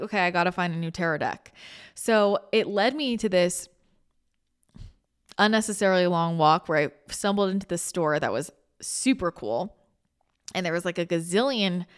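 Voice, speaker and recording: A woman's voice: medium pitch, smooth. Female host, casual rambling spiritual talk, emotional edge. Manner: chatty, rambling, with frequent restarts. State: emotional, near tears. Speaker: spiritual channel and podcast host.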